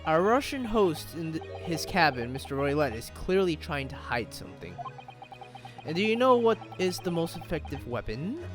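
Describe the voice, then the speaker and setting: A man voicing a pompous, eccentric British male detective, reading slowly and grandly with some stumbles. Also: on the high side, very animated, over music. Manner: grandiloquent, slow, halting reading.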